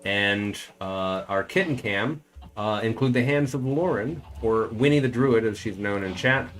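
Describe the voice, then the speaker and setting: A man's voice: lowish voice, measured pace, a bit bright. Man rambling casually over a game stream. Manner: rambling, thinking aloud. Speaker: streamer and voice actor.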